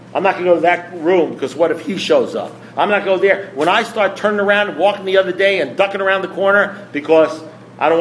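A man sharing his recovery story at a meeting, rambling, repetitive, blunt and self-deprecating. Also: high-pitched. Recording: echoey room with faint background noise.

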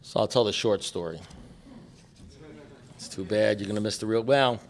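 A man's voice: on the low side, moderate pace. A middle-aged man speaking at a recovery meeting, telling stories in a joking, blunt and profane way, often restarting his sentences. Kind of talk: storytelling talk to a meeting.

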